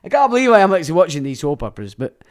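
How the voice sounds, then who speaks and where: Very fast and very animated, this fairly high-voiced man hosts a casual livestream. Between bursts of laughter, he reads viewer comments and rants with lots of crude swearing.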